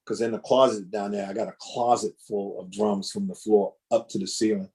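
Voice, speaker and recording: A man, a drummer, telling animated, rambling stories over a video call, with lots of restarts. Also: on the low side, fairly quick. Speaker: guest drummer. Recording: choppy internet connection.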